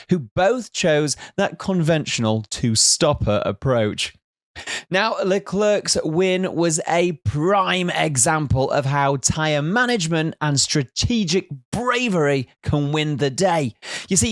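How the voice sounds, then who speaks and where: A man's voice: fairly high pitch, dry recording, clean studio sound. A man presenting a scripted race recap, with jokey teasing asides.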